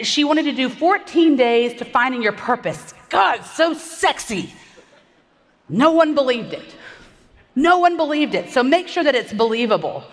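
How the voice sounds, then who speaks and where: High-voiced woman pitching on stage. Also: a bit bright. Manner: fast, upbeat, rallies the audience with questions. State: slightly out of breath. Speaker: conference speaker. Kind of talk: energetic stage presentation. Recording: long hall reverb.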